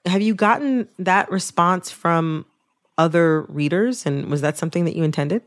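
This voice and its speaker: A woman's voice: fairly low pitch, normal speed. Reflective woman hosting a radio interview. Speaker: radio show host. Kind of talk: conversational interview.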